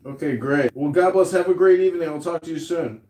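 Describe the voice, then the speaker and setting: A man's voice: on the high side, brisk, mellow, reverberant, slight background noise. A man hosting a casual call-in show, brash and joking with callers. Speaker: podcast host and candidate.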